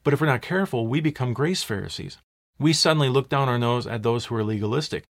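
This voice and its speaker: Preaching with emphasis, a pastor uses his expressive, mid-range voice to ask rhetorical questions. He stretches out key words by slowing down.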